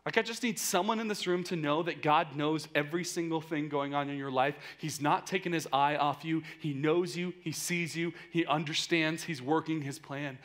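A man in his thirties delivers a youth sermon in a relaxed, conversational way, filling his sentences with casual "like"s. He sits in a fairly high register, sinking to quiet, personal lines and climbing into loud, earnest emphasis. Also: normal speed, few pauses. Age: 30s. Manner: swings between quiet intimate lines and loud emphatic bursts. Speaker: youth pastor.

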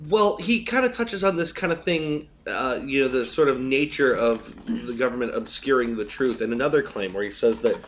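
A man's voice: mid-range voice, animated, normal speed, few pauses, slight background noise. A man co-hosting a casual podcast chat, explaining things in detail and getting mildly exasperated. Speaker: podcast co-host.

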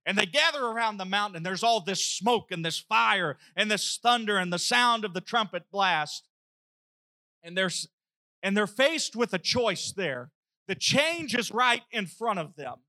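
A man preaching a sermon, telling a story with lively acted-out dialogue. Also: high-pitched, unhurried. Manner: animated storytelling, acting out dialogue.

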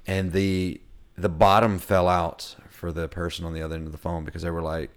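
Casting: middle-aged male co-host, very low voice, rambling, lots of ums and restarts. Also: flat delivery, fairly quick. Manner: rambling with many fillers and restarts. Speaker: podcast co-host. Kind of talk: casual faith-based discussion.

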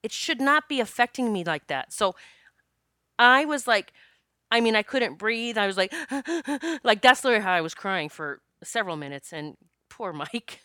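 Candid woman storyteller; crisp, bright voice; dry close sound. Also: medium pitch, expressive, moderate pace, no echo. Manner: candid, laughs often, swears freely. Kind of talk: casual storytelling monologue.

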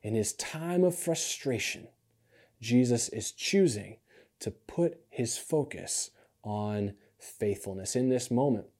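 Earnest soft-spoken male preacher. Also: lively intonation, slow. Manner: earnest, repeats phrases, drops to soft low voice for emphasis. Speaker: pastor. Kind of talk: sermon.

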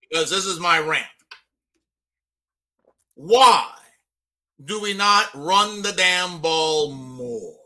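A man's voice: high voice, drawn-out words, long pauses, pushed and bright. A man giving a fired-up, blunt rant on a casual sports podcast, leaning on "you know" a lot. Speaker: co-host giving a weekly rant.

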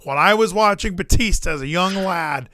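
Excitable thirties male podcast co-host, bright forward voice, dry close mic, wrestling chat. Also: high voice, moderate pace, no echo. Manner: excitable, acts out commentators and wrestlers.

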